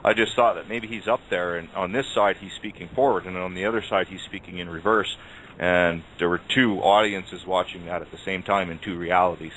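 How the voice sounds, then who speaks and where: A man's voice: deep voice, steady tone, brisk, a bit bright, low-quality recording. A man chatting casually on an internet radio show, rambling with many restarts. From Canada. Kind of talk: casual chat. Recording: faint background noise.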